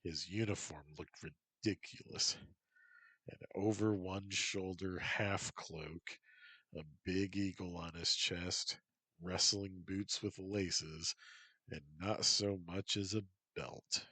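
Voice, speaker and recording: A man narrates a story in a slow, steady reading. His voice is deep and husky. The sound is dry and close. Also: no room sound, rough recording.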